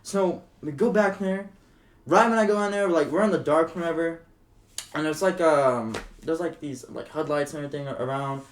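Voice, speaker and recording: A man's voice: fairly high pitch, normal speed, echoey room. A man telling a wild story on a casual podcast, swearing often and acting out the quotes. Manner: animated, swearing, acts out quotes. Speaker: podcast guest.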